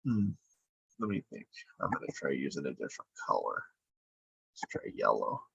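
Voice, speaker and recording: A man's voice: rumbling low, big pitch swings, normal speed, gravelly, a bit bright, husky, dry recording. A man teaching verb forms in a screen-recorded lesson, explaining unhurriedly as he draws on screen. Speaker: Spanish teacher. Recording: dull lo-fi dry sound.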